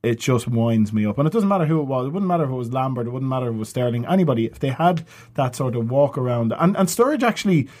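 A man's voice: medium pitch, fast. A man telling stories and giving football opinions in casual, sweary podcast chat, often laughing. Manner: laughing, sweary, animated storytelling.

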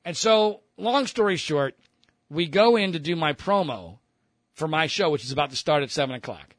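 A man, a radio host, telling a story casually with profanity and animated mimicry. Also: on the high side, moderate pace, no echo.

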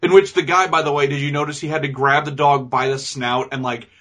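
A podcast co-host on a casual movie review sarcastically mocks scenes and acts out lines in goofy voices. He speaks briskly with a fairly high, fairly even voice that sounds a bit bright.

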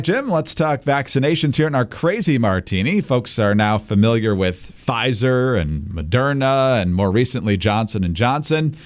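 A man co-hosting a political podcast, wry and steady, also reading the sponsor ads smoothly. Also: medium pitch. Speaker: co-host. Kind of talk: political podcast commentary and ad read.

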